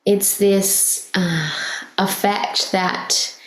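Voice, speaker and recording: A woman hosts her podcast in an earnest, heartfelt monologue, taking her time. Her pitch sits in the middle, and she often restarts her phrases. The room around her voice sounds reverberant and echoey. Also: fairly even intonation, extremely slow. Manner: emotional, laughing softly at herself. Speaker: podcast host. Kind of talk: casual spiritual podcast monologue.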